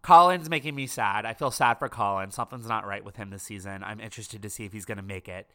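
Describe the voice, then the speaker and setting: A man's voice: on the low side, fairly bright tone. A man co-hosting a casual reality-TV recap chat, gossipy and opinionated. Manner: gossipy, opinionated, quick to laugh. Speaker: podcast co-host.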